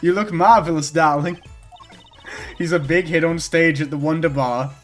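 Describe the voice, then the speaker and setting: Guy doing a teen girl magician, calm explainy delivery, pitch a bit high, faint music under. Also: normal speed, lightly acted. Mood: playful. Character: cheerful teenage girl magician.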